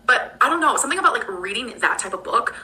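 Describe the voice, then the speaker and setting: A woman's voice: on the high side, animated, fast, pushed and bright, rough recording. A woman vlogger chatting casually as she answers viewer questions, dropping "like" often. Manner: chatty, many "like" fillers. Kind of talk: casual chat.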